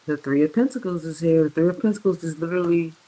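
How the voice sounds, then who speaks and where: A tarot reader gives a loose, profane reading, full of slang and talking right to the audience. Key words get stretched out slowly for weight, and the voice sits at an ordinary middle pitch. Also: mellow, a little hiss or hum, low-quality recording. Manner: slangy, profane, chatty, addresses viewers directly; drawls words out slowly for emphasis. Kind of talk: casual tarot reading monologue.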